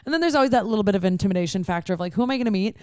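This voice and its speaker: A woman's voice: medium pitch, lively intonation, racing, darkish tone, smooth, no echo. Young woman podcast host, rambling casual storyteller, dry close sound. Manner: rambling storyteller, heavy use of "like". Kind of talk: casual chat.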